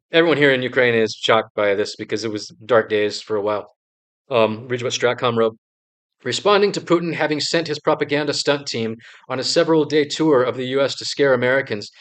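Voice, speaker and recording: A man's voice: mid-range voice, fairly bright tone. A man giving casual political commentary in a video, talking conversationally and sarcastically, with many fillers and restarts. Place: in Ukraine.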